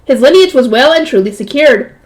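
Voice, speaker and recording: A woman's voice: high-pitched, expressive, brisk. A woman reading a light novel aloud, stopping often to add casual jokey comments. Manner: breaks off to comment and joke. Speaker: reader.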